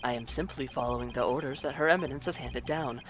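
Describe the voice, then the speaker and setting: A man's voice: mid-range voice, a bit bright, a little hiss or hum, natural voice. Man reading as a solemn prosecutor monk. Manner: grave, formal, measured. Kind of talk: let's play character voice.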